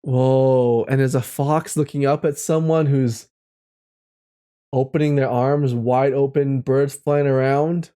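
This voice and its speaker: A man's voice: medium pitch, fairly even intonation, slow, warm tone, smooth. A man live-streaming casually, reading chat messages aloud and drawing tarot cards, reflective and encouraging, laughing often.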